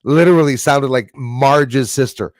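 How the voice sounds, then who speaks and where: A man's voice: medium pitch, unhurried, no room sound, studio quality. A man hosting a casual livestream, rambling and reading viewer comments aloud with jokey asides. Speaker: livestream host reading chat.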